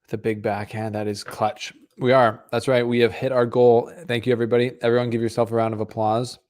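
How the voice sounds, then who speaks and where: A man's voice: medium pitch, level tone, a little fast, a little mellow. A man hosting a live tennis watch-along stream, giving casual, rambling commentary and chatting with viewers. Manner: casual, rambling, talks to chat. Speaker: stream host. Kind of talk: live match commentary and chat.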